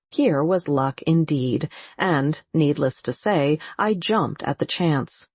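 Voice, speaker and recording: A woman narrating an audiobook in a measured, deliberate way. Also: low-pitched, animated, a little mellow, no echo. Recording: dull, muffled audio.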